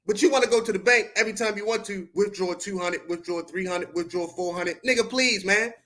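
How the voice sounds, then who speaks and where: A man from Baltimore, speaking with a Baltimore accent, tears into his chat on a home livestream. His voice sits noticeably high. He lectures in a confrontational, profane street style with a preacher's cadence. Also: a little fast, fairly bright tone. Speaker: podcast host. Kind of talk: heated livestream rant at chat.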